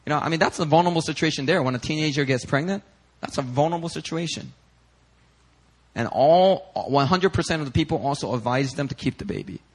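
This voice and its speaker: A man preaching a sermon as pastor, animated and acting out the people he quotes in raised voices. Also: on the high side, fast, slightly rough, rough recording.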